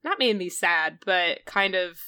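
A woman co-hosting a casual podcast, talking in a relaxed, giggly, reflective way. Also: fairly low pitch, a little slow, clear, resonant tone. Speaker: podcast co-host. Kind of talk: casual chat.

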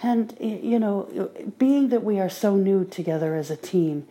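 A woman talking on her own podcast in a casual monologue, calmly recounting her day. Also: mid-range voice, moderate pace. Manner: relaxed diary-like recounting. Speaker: podcaster training with a guide dog.

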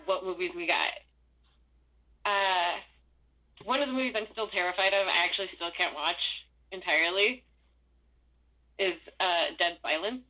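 Young cali woman rambling and cussing, lotsa laughs, low-ish voice, sounds like a phone call. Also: normal speed, pauses often. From Southern California. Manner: laughs often, swears, rambling. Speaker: interviewee. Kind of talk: casual interview chat. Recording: tinny phone-like line.

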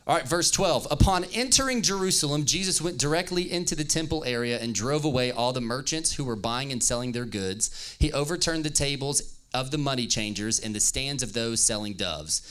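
A man's voice: mid-range voice, fairly quick, a bit bright, smooth. A man preaching as pastor, reading scripture aloud and joking playfully with his audience. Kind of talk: lively youth-service sermon with scripture reading.

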